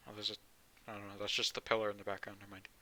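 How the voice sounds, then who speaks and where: A man's voice: lowish voice, completely flat delivery, rapid-fire, sharp tone, poor audio. An American man streaming a video game live, talking in a casual, profane and sarcastic way and reading the game text aloud. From United States.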